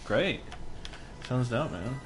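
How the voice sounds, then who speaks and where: A man's voice: medium pitch, expressive, takes it slowly, slight background noise. A young man chatting casually while streaming a video game, rambling with many fillers. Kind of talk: casual gameplay chat. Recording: loud game music behind.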